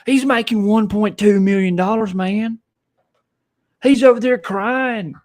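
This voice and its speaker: A man's voice: high voice, a little slow, a little mellow, pitched above the performer's own voice. A man voicing a resentful rural male football fan with an exaggerated Southern country drawl.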